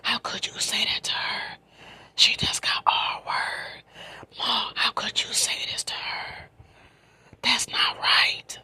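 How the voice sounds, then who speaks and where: A woman's voice: a bass voice, steady tone, fairly quick, few pauses, exaggerated voice. A woman whispering as an indignant protective cousin. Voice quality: breathy whisper. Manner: indignant, forceful. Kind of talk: ASMR storytime, whispered quote.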